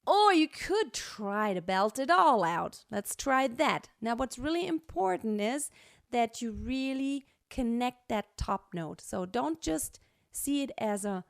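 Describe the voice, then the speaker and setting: A woman singing teacher explaining a song in a relaxed, chatty way, full of fillers and restarts. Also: fairly high pitch, slow pace, vocal fry, dry recording, clean studio sound. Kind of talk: vocal lesson with sung demonstrations.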